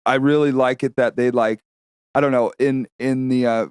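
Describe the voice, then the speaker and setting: Man, podcast host, casual rambling chat, swears freely, mid pitch, dry sound. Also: fairly even intonation, moderate pace, a little mellow, smooth, no echo.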